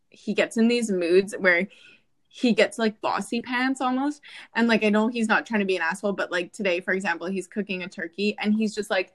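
A young woman co-hosting a casual chat, talking fast and loose with lots of fillers and quoting people in animated voices. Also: mid-range voice.

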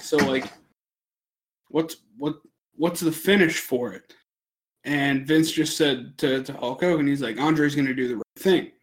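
A young man telling a long story on a casual podcast, rambling, swearing a lot and laughing as he goes. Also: on the high side. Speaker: podcast co-host.

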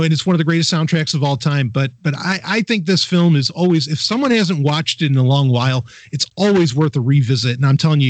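A man's voice: fairly high pitch, no echo. A man hosting a podcast, talking enthusiastically in a rambling casual chat with many restarts. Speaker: podcast host.

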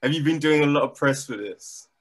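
A man hosting a film talk and interview, rambling and animated, with lots of restarts, recorded over a video call. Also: on the high side, fairly quick. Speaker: podcast host and interviewer. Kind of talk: casual chat. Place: London.

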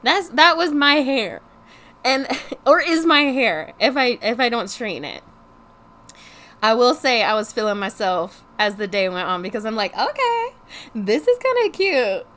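A young woman telling a frustrated storytime vlog in casual chat, animated and exasperated, swearing freely and saying "like" constantly. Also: a little high, measured pace. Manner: heavy use of "like" as filler. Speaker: vlogger.

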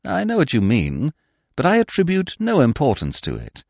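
A man reading a story voices a suave, verbose young gentleman with a florid, ironic manner. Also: on the high side, wildly swooping pitch, moderate pace, gravelly, no echo, studio quality, pitched above the performer's own voice, full character voice. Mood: urbane.

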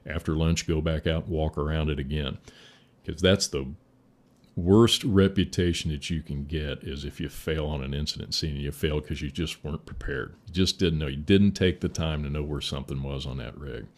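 A middle-aged man with a very deep, low-pitched voice talks casually as a veteran firefighter. He spins folksy stories, laughing along and acting out what others said. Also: normal speed. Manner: folksy, laughs through stories, acts out quotes. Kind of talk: casual storytelling interview.

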